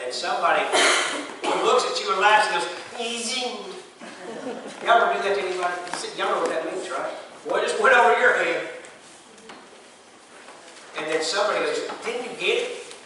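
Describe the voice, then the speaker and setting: Animated pastor preaching. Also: male voice, high voice. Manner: folksy, animated, acts out quoted voices. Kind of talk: sermon. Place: church sanctuary. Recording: echoey room, far from the mic, faint noise.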